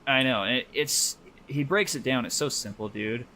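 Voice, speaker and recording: A man's voice: medium pitch, moderate pace, sharp tone, a little hiss or hum. A man co-hosting a podcast in loose casual chat, swearing freely and laughing often while he draws. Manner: talks while drawing. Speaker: podcast co-host.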